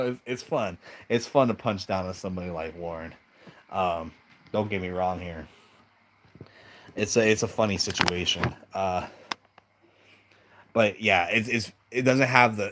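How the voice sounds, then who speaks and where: A man's voice: on the low side, a bit bright, a little hiss or hum. A young man giving casual, crude commentary on characters, laughing often and acting out quotes. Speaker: video commentator.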